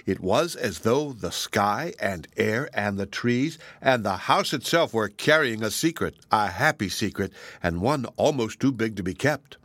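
A man reading a children's storybook aloud, gentle and expressive, with playful asides. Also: on the low side, unhurried, hardly any pauses, no room sound.

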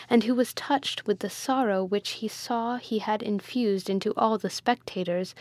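Woman audiobook narrator, measured and formal, very unhurried, dry close-mic sound. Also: medium pitch, no echo. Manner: slow, measured, formal reading. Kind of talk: audiobook narration of a classic novel.

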